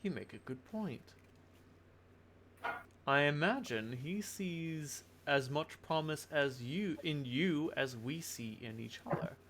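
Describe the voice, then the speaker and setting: A man's voice: on the high side, expressive, slow pace, fairly bright tone, a little hiss or hum, heavily acted. A man playing a sly scheming schemer. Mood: assured. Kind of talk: tabletop game character voice.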